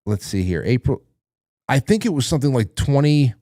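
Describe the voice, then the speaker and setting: A man's voice: medium pitch, very animated, fairly quick, dark tone, no room sound, clean studio sound. A man hosting a casual livestream, reading viewer messages aloud and rambling through his thoughts with fillers and restarts. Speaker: talk show host reading chat messages.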